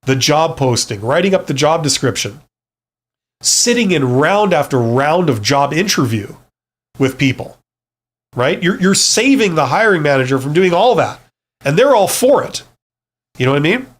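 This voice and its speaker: A man's voice: on the high side, sing-song, normal speed. A middle-aged man hosting a live Q&A, chatting casually with many fillers and restarts, blunt and reassuring. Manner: blunt, joking asides. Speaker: livestream host, former CEO.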